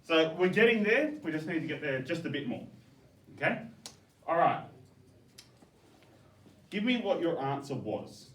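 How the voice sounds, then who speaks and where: A male teacher, giving classroom feedback in a coaxing, brisk way, often checking "okay?". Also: on the high side, big pitch swings, a bit bright. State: out of breath. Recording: echoey classroom, from far off, faint background noise.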